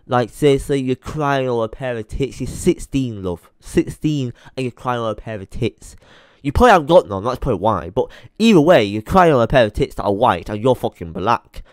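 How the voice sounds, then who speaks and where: A man's voice: mid-range voice, darkish tone, smooth, no room sound, studio quality. A young man ranting angrily to his channel, swearing and repeating himself in heated bursts. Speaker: YouTuber. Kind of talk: angry rant to camera.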